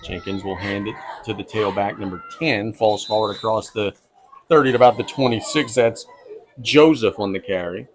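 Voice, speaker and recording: A man calling play-by-play for a high school football game, brisk and easygoing, chuckling now and then. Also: a little hiss or hum, rough recording. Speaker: play-by-play announcer.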